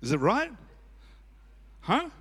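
A man preaching a sermon as pastor, swinging from quiet asides to loud shouting and often chuckling. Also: sits high, wildly swooping pitch, slow pace, husky. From Australia. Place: church auditorium. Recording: echoey church hall.

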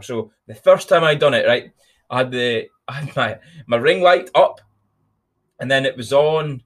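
A young man hosting a motivational podcast, talking bluntly and energetically with plenty of swearing. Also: medium pitch. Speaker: podcast host.

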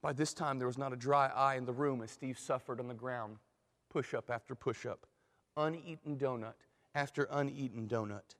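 A man telling a dramatic illustration story in a sermon, in an animated way. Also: medium pitch, moderate pace. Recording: long hall reverb.

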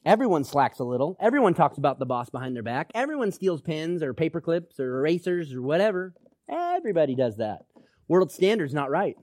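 Animated, high-voiced male preacher. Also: no room sound, clean studio sound. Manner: emphatic, exhorting, rallying with "come on now". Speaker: pastor. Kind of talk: sermon.

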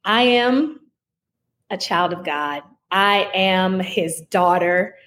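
Slow-speaking woman podcast guest. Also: lowish voice, animated, fairly bright tone. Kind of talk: conversational interview.

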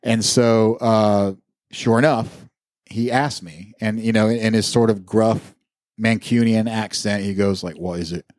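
A man with a fairly low, darkish voice speaks slowly and with little pitch movement, in a dry, clean studio recording. He co-hosts a podcast, casually telling a drawn-out, rambling anecdote full of fillers and swearing.

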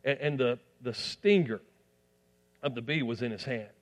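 Brief: man delivering a sermon in a reverberant church, rising emphasis then soft asides. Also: medium pitch, normal speed. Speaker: pastor.

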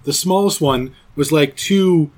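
A man in his forties chats casually as a podcast host, his voice sitting a little high for a man. He rambles, jokes and swears freely as he goes. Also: unhurried, a little mellow. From Canada. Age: 40s. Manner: rambling, profane, jokey. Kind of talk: casual chat.

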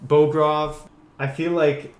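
A man co-hosting a podcast, chatting casually as he pitches a story and laughing often. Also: flat delivery, slow, roomy sound. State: has hiccups. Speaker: podcast co-host.

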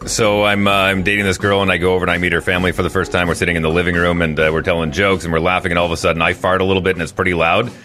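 A man's voice: deep voice, faint music behind. A man hosting a radio show, cracking jokes in casual banter. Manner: jokey, quick quips, lively delivery. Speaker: radio host. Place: radio studio.

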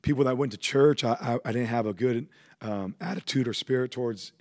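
A man's voice: mid-range voice, a little fast. A man recounts his testimony in a loose, chatty way. He has a mid-range voice and leans on plenty of fillers as he goes. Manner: relaxed, conversational, with frequent fillers. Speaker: guest sharing his testimony. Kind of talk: casual storytelling.

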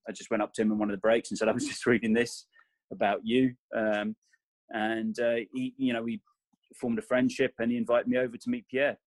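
Man, rugby coach guest, low voice, level delivery, meandering, dry sound. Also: no echo. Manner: meandering, self-correcting. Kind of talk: casual interview chat.

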